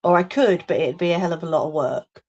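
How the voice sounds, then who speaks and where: A woman's voice: fairly low pitch, quick pace, a little mellow, dull audio. A woman hosting a casual crafting livestream from home, chatting and answering viewer comments as she works. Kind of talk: casual live chat while crafting. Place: home craft room, indoors. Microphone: phone or webcam on a livestream.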